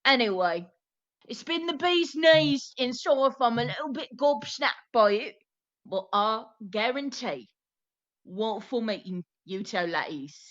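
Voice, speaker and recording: A woman doing a loud slangy cockney lady, high voice bouncing all over, bit muffled audio. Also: lively intonation, a little slow. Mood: cheeky. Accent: Cockney, put on. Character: brash lower-class Cockney woman guest. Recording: slightly muffled stream audio.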